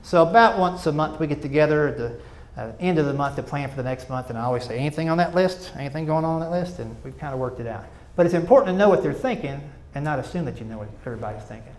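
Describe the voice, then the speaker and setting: A middle-aged man doing stand-up storytelling on stage, animated and self-mocking, with chatty asides to the audience. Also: on the high side, quick pace. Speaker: stand-up comedian. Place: stage before a live audience.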